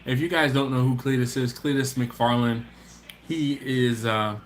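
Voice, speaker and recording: A man's voice: mid-range voice, steady tone, measured pace, a little hiss or hum. A man hosting a casual live stream, reading out viewer comments in a laid-back, chatty way, often laughing and trailing off mid-sentence.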